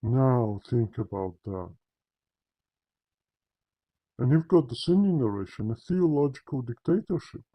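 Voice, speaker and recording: A man's voice: medium pitch, lively intonation, moderate pace, muffled recording. A man giving a confrontational religious commentary, addressing listeners directly with emphatic, repetitive phrasing and frequent restarts. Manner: frequent restarts and repeated words. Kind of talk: polemical monologue to camera.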